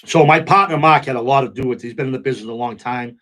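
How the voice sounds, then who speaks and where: A man's voice: mid-range voice, rapid-fire. A middle-aged man, a nightclub owner telling stories in a casual interview and acting out the quotes. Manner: animated storyteller, acts out quotes, repeats "you know what I'm saying".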